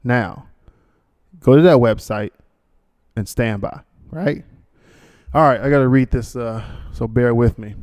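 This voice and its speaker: A man's voice: medium pitch, a little slow, pauses often, darkish tone. A man hosting a podcast in a rambling, joking monologue, full of fillers and asides. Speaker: podcast host. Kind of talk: casual monologue with a read sponsor ad.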